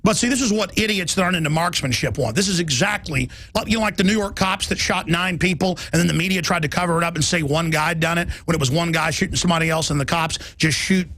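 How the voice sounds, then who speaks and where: A middle-aged man hosting a talk radio show, ranting in a heated, rapid political monologue. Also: a little high, pushed and bright, a little hiss or hum.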